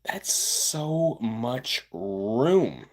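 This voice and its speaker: A man live streaming and chatting with his viewers, boastful and self-hyping, swinging between loud outbursts and low mutters and repeating himself. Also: sing-song, drawn-out words. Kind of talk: casual livestream chat with viewers.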